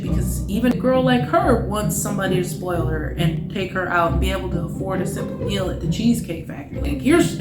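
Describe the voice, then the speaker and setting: A woman's voice: mid-range voice, roomy sound. A woman hosting a reaction video, giving frank, opinionated commentary in a lecturing way.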